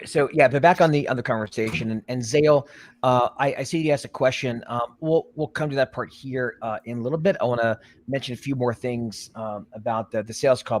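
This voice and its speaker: A man hosting a live online show about recruiting, talking in a loose, casual way. He keeps restarting his sentences and fills the gaps with ums and uhs. His voice sits at an ordinary middle pitch. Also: dry recording. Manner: rambling, many restarts and fillers. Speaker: podcast host, recruiter. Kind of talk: casual live-stream chat.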